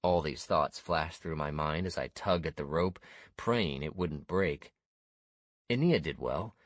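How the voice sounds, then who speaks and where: A man narrating a first-person fantasy audiobook in a steady, measured way. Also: very deep voice, no room sound.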